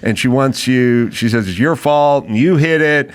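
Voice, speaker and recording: A man's voice: mid-range voice, moderate pace. A man hosting a comedy podcast, telling stories animatedly and acting out quoted lines with plenty of swearing. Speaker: podcast host. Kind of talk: casual comedic chat.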